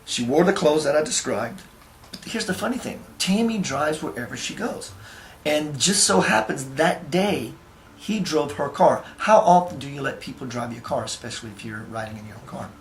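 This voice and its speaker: A man talking casually to camera, telling an anecdote in a relaxed way with fillers and restarts, and acting out the voices in his story. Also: on the high side, moderate pace, slight background noise. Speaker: spiritual teacher.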